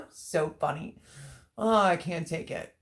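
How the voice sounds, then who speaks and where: A woman's voice: fairly low pitch, slow, creaky, fairly bright tone. A woman hosting a casual livestream, reading out chat comments, teary and laughing through her words. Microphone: webcam or phone on a stream.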